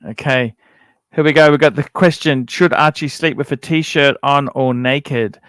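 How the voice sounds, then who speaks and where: A man's voice: medium pitch, unhurried, a bit bright, smooth, no room sound. A man hosting a casual livestream chat from home, laid-back with short replies. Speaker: livestream host. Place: at home on a video call.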